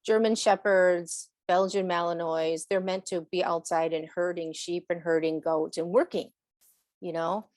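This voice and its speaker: A woman's voice: fairly low pitch, fairly even intonation, unhurried, darkish tone, dry recording. A woman on a podcast, chatting in a rambling way about animals and laughing often. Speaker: animal communicator. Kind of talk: casual chat on a podcast.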